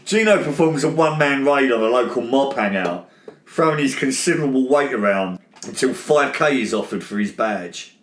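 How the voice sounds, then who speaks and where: A man hosting a casual film review chat. He is animated and laughs often. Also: medium pitch, normal speed, reverberant. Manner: animated, laughing, does mocking impressions. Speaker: podcast host.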